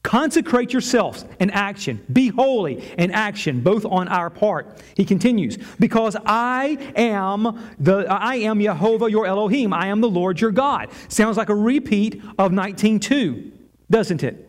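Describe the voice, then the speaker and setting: A man preaching a sermon as pastor, earnest and emphatic, slowing down to stress key words. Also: high voice, animated. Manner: stumbles over a Hebrew word.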